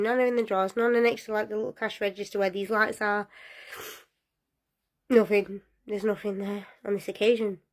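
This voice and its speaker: A young woman telling a personal story in a casual, lively way, often breaking into laughter. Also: medium pitch.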